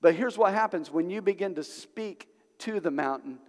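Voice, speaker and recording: Here a middle-aged man delivers a sermon as pastor, his high-pitched voice carrying a darkish tone at normal speed. He narrates stories in a chatty way before rising to emphatic bursts, with the sanctuary's long reverb audible throughout.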